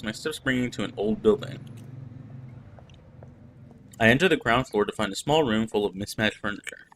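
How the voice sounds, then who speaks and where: A man's voice: fairly low pitch, a bit bright, slight background noise, natural voice, poor audio. A man reading as an earnest young French woman. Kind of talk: reading game narration aloud.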